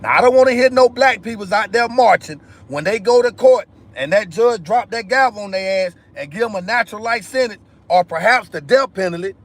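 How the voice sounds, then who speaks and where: Emphatic high-voiced man on a livestream. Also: animated, a little fast, few pauses. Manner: emphatic, repetitive, addresses viewers directly. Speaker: live stream host. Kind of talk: impassioned commentary monologue.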